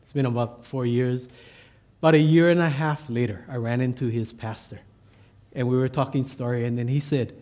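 A man's voice: medium pitch, steady tone, normal speed, long pauses, a little mellow. A man, an assistant pastor, telling a personal story in a sermon with self-deprecating humor.

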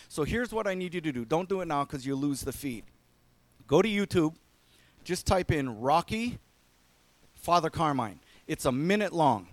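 Man, pastor, sermon, earnest, emphatic then hushed, higher voice, dry close recording. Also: no echo.

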